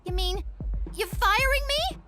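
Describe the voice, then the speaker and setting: A woman voicing a spoiled, bratty teenage daughter in an animated cartoon, whiny and manipulative. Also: very high-pitched, measured pace, over music. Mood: outraged. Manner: whiny, petulant, sing-song demands. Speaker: teen daughter Teresa.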